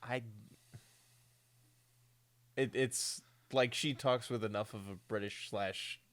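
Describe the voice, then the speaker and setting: A man's voice: mid-range voice, steady tone, slow pace, fairly bright tone. A young man co-hosting a podcast in casual chat, joking around, mumbling and swearing often. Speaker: podcast co-host.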